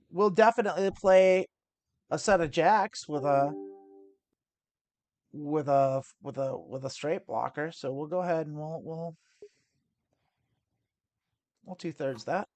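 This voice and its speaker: A woman's voice: low-pitched, darkish tone. Chatty woman explaining poker plays. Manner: chatty, explains each decision, often restarts phrases. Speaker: poker stream host. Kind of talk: live poker play-and-explain commentary.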